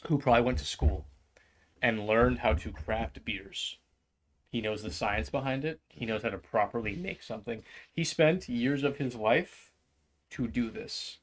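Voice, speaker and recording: A man co-hosting a casual comedy podcast, animated and swearing a lot, acting out little skits with quoted voices. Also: medium pitch, unhurried. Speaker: podcast co-host.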